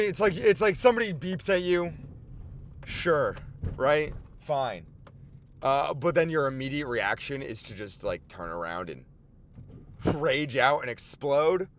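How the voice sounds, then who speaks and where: A man in his twenties giving a rambling, animated comic monologue from inside his car, swearing often. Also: a little high, a little hiss or hum. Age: 20s. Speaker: podcast host. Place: inside a car while driving and parking.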